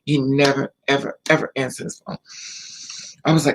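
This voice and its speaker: A man's voice: mid-range voice, level tone, fairly quick, creaky, rough recording. A man casually telling a personal story to the camera, repeating himself and quoting the people involved. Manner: repetitive, emotional retelling with quoted dialogue. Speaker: vlogger.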